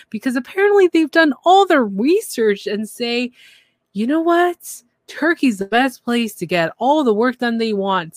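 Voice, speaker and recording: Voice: mid-range voice, no room sound. Chatty podcast host, dry sound. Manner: chatty, lively, mimics cast members mockingly. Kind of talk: casual reality TV recap.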